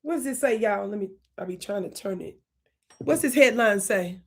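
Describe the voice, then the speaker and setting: A woman with a medium-pitched, slightly rough voice speaks at a moderate, animated pace while hosting her own channel. She lectures viewers in a fiery, preachy rant, stretching out words and asking over and over whether they're listening.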